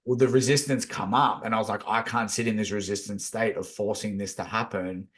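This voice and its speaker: A man's voice: on the low side, steady tone, fairly quick, fairly bright tone. A man chatting casually on a podcast, laid-back, swearing a lot as he talks about feelings and energy. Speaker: podcast co-host. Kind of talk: casual chat.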